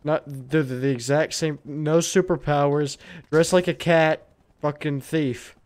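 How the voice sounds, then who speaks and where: A man's voice: fairly high pitch, fairly even intonation, unhurried, a little mellow. A young man co-hosting a casual let's-play, ranting and swearing in exasperation at the game. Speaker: gamer co-host.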